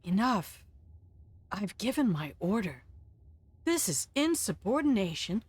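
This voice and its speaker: A woman's voice: mid-range voice, sing-song, measured pace, darkish tone, slightly rough. A woman playing a stern starship captain.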